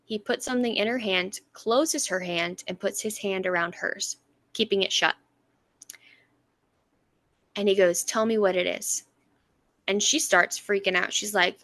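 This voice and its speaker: Bright-voiced woman retelling a book. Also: mid-range voice, normal speed, no room sound. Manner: animated retelling, acting out quoted lines, laughing. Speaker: podcast co-host. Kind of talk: casual book recap.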